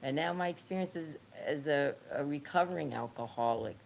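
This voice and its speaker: A woman, a former nun, talking in a casual interview, telling her story in halting, restarting phrases and laughing easily. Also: low-pitched, vocal fry, a little hiss or hum. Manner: halting, repeats words and restarts often. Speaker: podcast guest, former nun and author.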